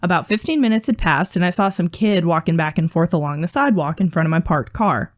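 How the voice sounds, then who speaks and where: A woman's voice: fairly low pitch, fast talker. A woman co-hosting a podcast, telling creepy stories in a casual way, with frequent swearing and nervous laughs. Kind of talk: casual storytelling chat.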